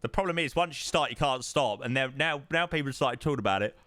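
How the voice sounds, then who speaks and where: A man's voice: mid-range voice, animated, fast talker, pushed and bright, no echo. A young man streaming live, chatting casually in a rambling way with sighs and yawns, tired. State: tired, yawning. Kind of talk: casual chat.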